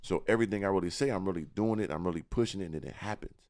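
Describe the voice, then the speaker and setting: A man's voice: low voice, racing, darkish tone. A man in a casual podcast interview, talking about himself with confidence and often repeating words as he searches for the next one. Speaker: guest.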